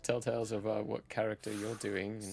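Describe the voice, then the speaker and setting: A man's voice: lowish voice, little pitch movement, fairly quick, vocal fry, a crowd in the background. A man chatting casually and teasingly on a podcast. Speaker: podcast co-host and player. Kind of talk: casual chat. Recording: noisy mic with clicks.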